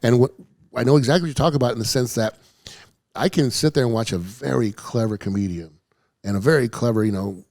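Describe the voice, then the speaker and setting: A man co-hosting a casual talk show, telling animated stories and acting out the people in them. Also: mid-range voice, quick pace, dry recording, studio quality. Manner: animated storyteller, acts out quotes. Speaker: podcast host. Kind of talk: casual storytelling chat.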